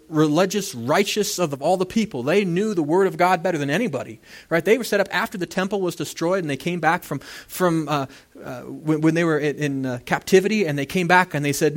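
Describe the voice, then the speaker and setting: Man, pastor, sermon, fairly high voice, animated, acts out quoted voices.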